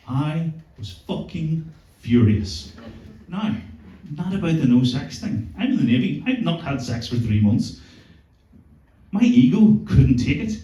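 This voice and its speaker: A man's voice: mid-range voice, expressive, a little slow, mellow. A man in his thirties with a Northern Irish accent doing a stand-up set, telling sweary, self-mocking stories. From Northern Ireland. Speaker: stand-up comedian. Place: comedy club stage. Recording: roomy club sound, mic heard from a distance.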